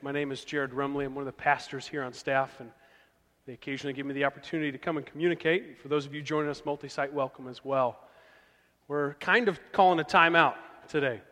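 Folksy pastor in a big hall. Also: male voice, medium pitch, fairly even intonation, fast, pushed and bright. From Oklahoma. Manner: folksy, conversational storytelling. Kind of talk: storytelling sermon. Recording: long reverb of a large hall.

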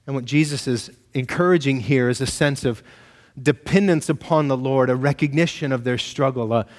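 A male pastor preaching a sermon, telling stories animatedly and acting out shouted exchanges. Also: mid-range voice, moderate pace, long reverb tail.

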